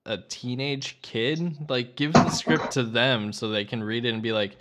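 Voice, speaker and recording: Brief: man co-host, mid-pitched voice, laid-back and wry. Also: fairly even intonation, unhurried, background noise. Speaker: podcast co-host. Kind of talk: casual chat.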